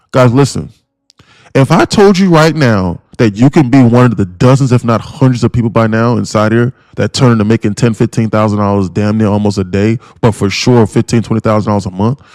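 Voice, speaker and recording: With a lowish, a little mellow voice and no echo, a day-trading stream host rants at his audience. He's blunt, profane, and repetitive, pushing his points and calling everyone guys and bro.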